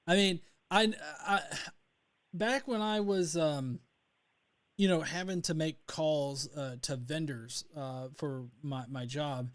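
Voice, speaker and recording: Speaking slowly in a fairly high pitch, a young North Alabama man hosts a relaxed livestream. He rambles on, often restarting and leaning on fillers.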